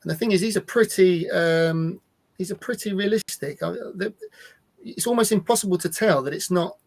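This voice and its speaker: A man presenting a live-streamed software demo, talking casually and repeating words as he restarts sentences. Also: sits high, moderate pace.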